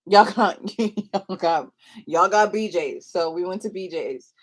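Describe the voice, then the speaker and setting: A young woman vlogger spins a casual storytime, rambling through tangents and quick to giggle. Her voice sits a little low for a woman, relaxed and conversational.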